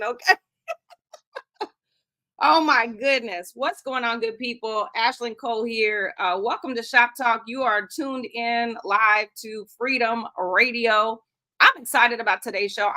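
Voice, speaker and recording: A woman's voice: a little high, sharp tone. A woman hosting a live radio talk show, playful and joking, laughing often. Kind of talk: lively casual live-stream chat.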